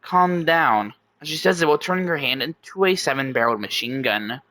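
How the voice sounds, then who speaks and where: A man's voice: medium pitch, lively intonation, fast, sharp tone, no room sound. A man improvising casual narration for a story, loose and stumbling over restarts.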